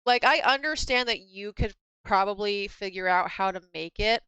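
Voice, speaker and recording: Brief: woman streamer, bright and crisp, blunt and laughing, dry close sound. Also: medium pitch, moderate pace, no echo, muffled recording. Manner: blunt, laughs often, swears casually. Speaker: streamer and craft vendor. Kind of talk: casual live-stream chat.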